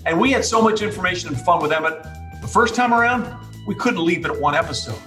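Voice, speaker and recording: A man's voice: high-pitched, animated, fast, bright, forceful tone, reverberant, soft background music. A man hosting a casual interview who leads with questions and recaps facts. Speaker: podcast host.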